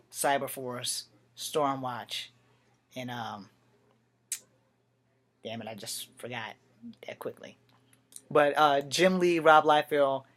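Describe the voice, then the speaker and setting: A man's voice: medium pitch, fairly bright tone. A man giving a casual, rambling comic book review at home at night, drifting into asides and restarting his sentences.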